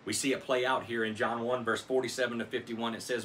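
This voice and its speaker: A man's voice: mid-range voice, level tone, fast talker, few pauses, fairly bright tone, a little hiss or hum. A man preaching a sermon as pastor of his church, earnest and dramatic in his scripture reading.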